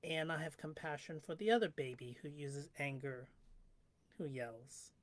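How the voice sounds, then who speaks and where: A woman livestreamer thinking aloud in a slow, musing monologue that sometimes drifts into a whisper. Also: sits low, no echo. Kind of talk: reflective spoken monologue.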